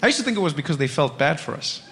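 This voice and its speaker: A young man performing a stand-up comedy routine, telling a story with lively acted-out voices. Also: on the high side, rapid-fire, big-room sound, a little hiss or hum.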